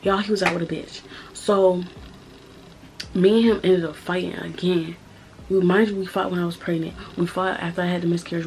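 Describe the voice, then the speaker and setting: A woman's voice: lowish voice, vocal fry, a little mellow, slight background noise, rough recording. A woman in her twenties telling a personal story to her channel in a blunt, profane, emphatic way. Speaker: vlogger. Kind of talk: casual storytime vlog.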